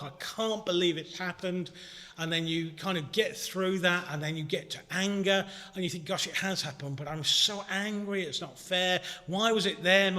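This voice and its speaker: A man preaching a sermon in a church, earnest and conversational, ranging from hushed moments to shouting. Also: on the high side. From Britain. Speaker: minister. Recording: long church reverb.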